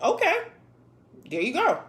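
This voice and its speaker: Sassy, blunt woman with a lively voice. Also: sits high, unhurried. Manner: blunt, sassy, laughs often, swears freely. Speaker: host of a live chat show reading viewer comments. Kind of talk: casual live-stream chat.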